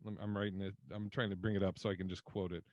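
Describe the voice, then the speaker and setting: A man's voice: deep voice, little pitch movement, racing, no room sound, muffled recording. A man co-hosting a podcast in casual chat, rambling and laughing, swearing freely. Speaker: podcast co-host.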